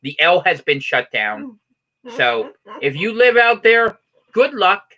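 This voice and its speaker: A man putting on the voice of an overexcited male local TV newscaster, delivering mock-serious news in a booming manner. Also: very animated, slow, pushed and bright, lo-fi sound, heavily acted.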